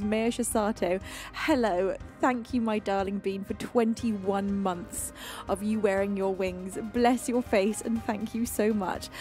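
A woman from the UK hosting a livestream, greeting her chat in a playful, affectionate, deliberately calm and soothing voice. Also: mid-range voice. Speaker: streaming singer-songwriter host. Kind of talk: casual livestream chat reading chat messages. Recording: faint music playing behind.

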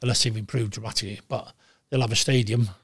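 An older man in his sixties, talking bluntly and with lots of swearing in a casual interview, telling animated stories. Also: fairly low pitch, quick pace, slightly rough, no echo, clean studio sound. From Wales. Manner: blunt, profane, animated storytelling. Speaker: guest, former goalkeeper.

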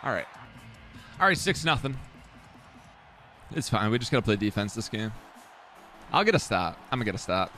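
A young man giving live commentary while playing a video game, swearing and repeating himself, sometimes breaking into yells. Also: fairly low pitch, moderate pace, long pauses, faint music behind. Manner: swears and mutters the same phrase over and over; excitable, jumps into yelling.

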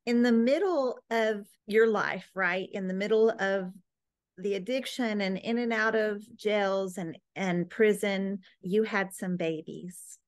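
Woman podcast host, soft encouraging questions, dry close sound. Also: mid-range voice, takes it slowly, no room sound. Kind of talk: interviewing a guest.

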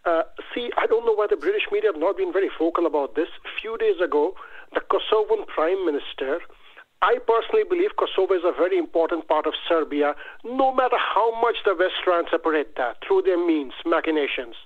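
Earnest male caller, higher pitch, phone-line sound. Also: expressive, fairly quick. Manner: earnest, questioning. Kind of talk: phone-in call.

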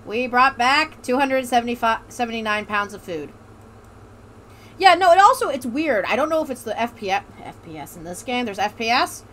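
High-pitched playful woman gaming. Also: very animated, brisk, a bit bright, a little hiss or hum. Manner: playful, swears freely, laughs often. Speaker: let's play host. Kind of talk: casual gaming commentary.

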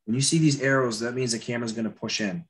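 A man teaching storyboard drawing in a live demo, with a dry throat he keeps clearing. He talks loosely and chattily, with many fillers and restarts. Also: mid-range voice, fairly even intonation, fast.

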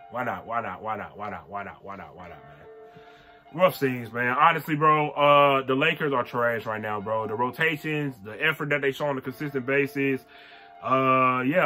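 A man's voice: fairly high pitch, bright, forceful tone. A man hosting a casual sports reaction video, ranting in exasperation and repeating the same phrases over and over.

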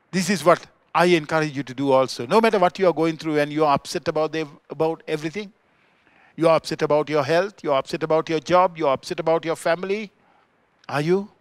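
Sri Lankan pastor preaching with dynamic emphasis. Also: male voice, creaky, dry recording. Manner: swings between loud emphatic peaks and quiet low asides. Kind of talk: sermon. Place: church.

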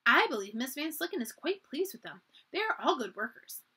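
Lady reading as a calm formal grandma, kinda frosty. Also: high-pitched, a little fast, pitched above the performer's own voice, exaggerated voice. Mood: cool. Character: stern dignified grandmother, cool and proper.

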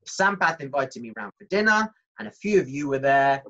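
A man with a fairly high voice leads a workshop in a lively, chatty way and keeps turning to his listeners. The recording sounds slightly dull and lo-fi. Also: brisk. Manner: lively, conversational, talks straight to the audience. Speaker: workshop presenter. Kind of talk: presenting a marketing workshop.

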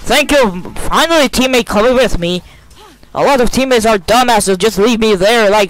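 A man with a notably high voice talks over his own gameplay into a desk mic. He grumbles and curses at his teammates, then breaks into loud shouts. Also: sing-song, measured pace, low-quality recording. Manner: frustrated, swearing, bursts into shouts. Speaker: gaming video creator. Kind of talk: live gameplay commentary. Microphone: desk microphone.

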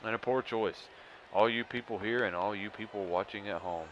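A man hosting a casual let's-play, joking and excitable as he comments on the game. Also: fairly low pitch, moderate pace, soft background music, low-quality recording. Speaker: gaming channel host.

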